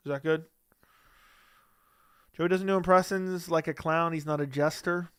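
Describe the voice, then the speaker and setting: Blunt streamer man, crisp dry voice. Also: fairly high pitch, fairly even intonation, measured pace, pauses often, a bit bright, no room sound. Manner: blunt, dismissive, argues back at chat. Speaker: livestream host reading chat. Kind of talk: casual livestream chat.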